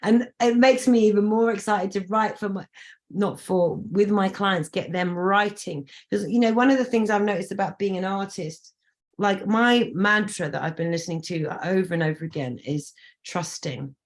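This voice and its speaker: A woman's voice: mid-range voice, moderate pace. A woman hosting a casual interview on a video call, talking enthusiastically in a rambling way with many restarts. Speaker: host and singer-songwriter.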